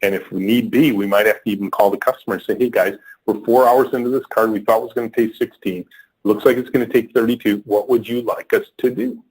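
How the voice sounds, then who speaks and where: Husky low-voiced man telling a story. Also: fast talker, rough recording. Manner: animated storyteller, acts out quoted people. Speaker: guest, company leader. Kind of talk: storytelling in a podcast interview.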